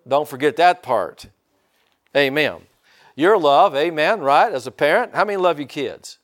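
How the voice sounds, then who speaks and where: Folksy older male preacher, high-pitched. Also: expressive, a little slow. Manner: folksy, calls for amens from the congregation. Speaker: pastor. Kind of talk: sermon.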